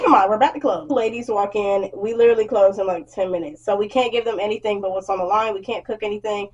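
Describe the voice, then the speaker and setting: Husky-voiced young woman ranting. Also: mid-range voice, fast, hardly any pauses, low-quality recording. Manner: blunt and animated, acts out customers' lines; swears freely. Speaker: vlogger. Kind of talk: storytime rant.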